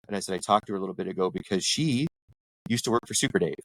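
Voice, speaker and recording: Quick-talking man telling lively stories. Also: sits low, vocal fry, no room sound, low-quality recording. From Canada. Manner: animated anecdotes, jumps into voices when quoting people. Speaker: ward councillor, podcast guest. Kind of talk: casual storytelling chat.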